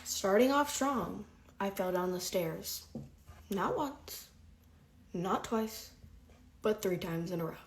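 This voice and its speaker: A young woman telling school stories in a chatty, animated get-ready-with-me storytime, lisping slightly from whitening strips. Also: medium pitch, slow, pauses often. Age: young adult.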